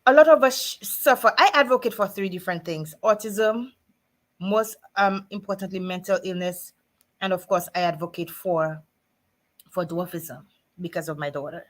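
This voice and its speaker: A woman's voice: lowish voice, moderate pace. A middle-aged woman hosting her nightly live show, speaking earnestly and emotionally about her own struggles, with frequent restarts and fillers. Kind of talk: heartfelt personal talk to a live audience.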